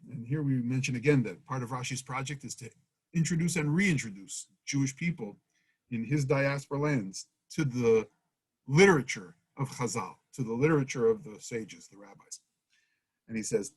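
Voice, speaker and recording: A man's voice: mid-range voice, lively intonation, unhurried, slightly rough, low-quality recording. A man teaching a Torah study lesson, reading Hebrew verses and translating them in an earnest teaching manner.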